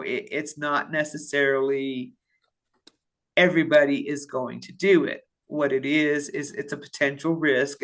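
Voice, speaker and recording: A woman's voice: a bass voice, a bit bright. A woman from a payroll office is presenting in a webinar for staff. She reads out attendee questions and answers them at length, thinking aloud with frequent fillers and restarts. She also has the hiccups.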